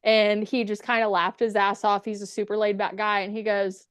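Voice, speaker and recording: A woman's voice: mid-range voice, level tone, brisk, clean tone, dry recording, studio quality. A woman chatting as a podcast guest, telling stories casually, swearing freely and acting out the quotes. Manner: chatty, profane, acts out quotes. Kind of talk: casual storytelling.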